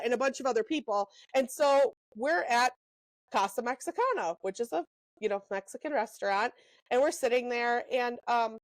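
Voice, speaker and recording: A young woman co-hosting a podcast, telling animated stories in a casual chat, full of "um" and "like". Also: sits high, no echo, poor audio. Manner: animated storyteller, lots of "um" and "like", quick asides. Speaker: podcast co-host.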